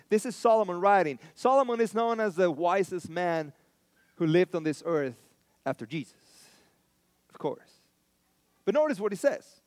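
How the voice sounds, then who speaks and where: A man's voice: sits high, expressive, normal speed, pauses often, no room sound. A man preaching a sermon as pastor, telling stories in a conversational way and repeating lines for emphasis.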